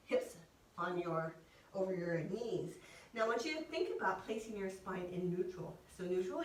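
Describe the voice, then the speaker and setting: A woman's voice: medium pitch, slight background noise. A woman instructor leading a pilates workout, calling out cues, counting down and encouraging the listener. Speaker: fitness instructor. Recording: echoey room, voice from a distance.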